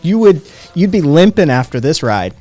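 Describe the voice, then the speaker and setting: A brash man hosts a livestream and talks back to his viewers in a loose, teasing way. He swears freely and needles the people he answers. Faint music plays low behind him. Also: big pitch swings, normal speed, darkish tone, no room sound. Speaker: livestream host.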